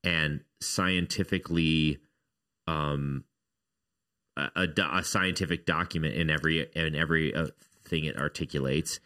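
A man's voice: very deep voice, steady tone, normal speed, pushed and bright. A man co-hosting a casual faith discussion, arguing his point in an earnest, reflective way.

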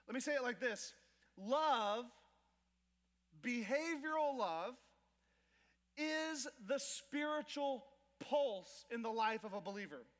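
A man preaching a sermon as pastor, telling stories with lively acted-out asides and joking with the congregation. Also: extremely high pitch, slow, pauses often. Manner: animated storytelling with acted asides to the crowd. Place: church auditorium. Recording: long hall reverb.

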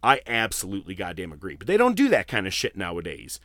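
A man hosting a casual wrestling podcast, telling stories in a profane, animated way. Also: low-pitched, quick pace, no echo, studio quality. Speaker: podcast host.

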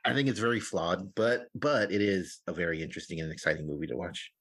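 A man's voice: sits low, fast, fairly bright tone, husky. A man appearing as a podcast guest, recommending films casually with hesitant fillers. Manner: hesitant, fillers, easy laughter. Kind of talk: casual film discussion.

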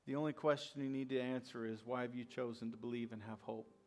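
A man's voice: medium pitch, little pitch movement, fast, a little mellow. A male pastor preaching a sermon, repeating key lines and acting out the voices of skeptics. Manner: repetitive call-and-response preaching, acts out skeptics.

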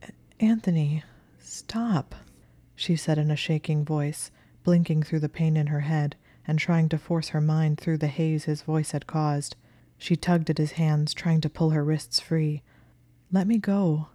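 Low, flat-voiced woman narrating a story. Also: moderate pace, dry recording. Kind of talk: audiobook reading of fan fiction.

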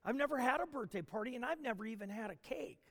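A woman's voice: fairly high pitch, lively intonation, quick pace, fairly bright tone. A man voicing a timid woman nearing forty who speaks in a hurt, hesitant way. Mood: hurt, wistful. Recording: long hall reverb.

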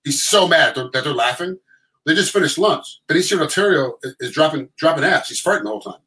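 A middle-aged man telling stories in casual chat, animated and acting out quotes in other voices. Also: fairly high pitch, fast, poor audio.

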